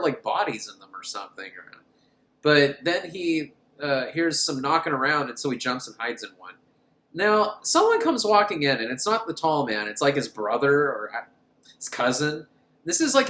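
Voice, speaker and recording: A man's voice: medium pitch, a bit bright, roomy sound. A young man hosting a comic film recap, sarcastic and joking, laughing often. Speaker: podcast host.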